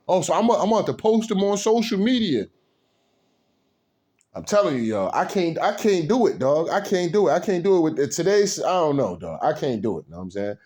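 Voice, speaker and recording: A man ranting on camera in a profane, animated way, with constant slang fillers, indignant outbursts and low muttered asides. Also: a little fast. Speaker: video commentator. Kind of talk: unscripted rant to camera.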